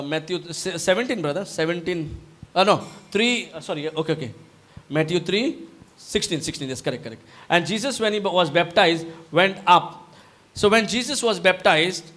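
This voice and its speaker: A man with an Indian English accent, preaching a live sermon, halting and searching for words, booming out whenever he quotes the voice from heaven. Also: a bit bright. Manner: booming when quoting the voice from heaven. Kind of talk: live sermon with Bible teaching.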